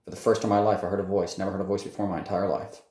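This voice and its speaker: A man with a low, mellow voice tells his personal faith testimony off the cuff. He speaks haltingly, full of fillers and restarts. The recording sounds echoey, as if made in a bare room. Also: level tone.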